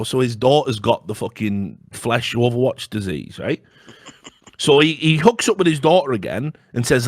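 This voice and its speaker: A man's voice: expressive, moderate pace, a little mellow, no room sound, clean studio sound. Profane rambling man. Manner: rambling, profane storytelling with sudden high-pitched outbursts. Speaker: podcast co-host. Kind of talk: casual comedic chat.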